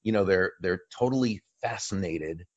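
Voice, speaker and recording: A man with a very low voice talks through his answers as an interview guest, pausing and restarting as he thinks. The sound is dry and a little dull, like a lo-fi remote line. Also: no room sound. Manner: thoughtful, speaks in long pauses and restarts. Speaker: interview guest, author and speaker. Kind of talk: storytelling conversational answers.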